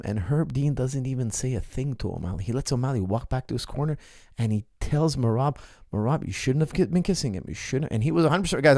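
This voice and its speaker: A man coaching fighters talks through a bout in casual podcast style, driving each point home with emphasis and repetition. His voice has a gravelly edge at a middle pitch. The sound is dry and close, with no room around it. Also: dry recording. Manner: animated, emphatic, repeats points. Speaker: MMA coach.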